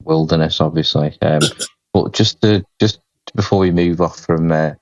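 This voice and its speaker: A man co-hosting a podcast, casually retelling film scenes in a deadpan way with the odd chuckle. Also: rumbling low, normal speed, no echo. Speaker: podcast co-host. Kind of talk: casual chat about films. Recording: dry, slightly dull lo-fi mic.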